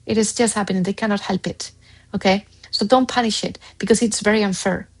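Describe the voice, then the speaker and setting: A woman's voice: mid-range voice, steady tone, brisk, poor audio. Earnest woman coaching parents. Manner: earnest, emphatic, repeats key phrases. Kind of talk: direct advice to camera.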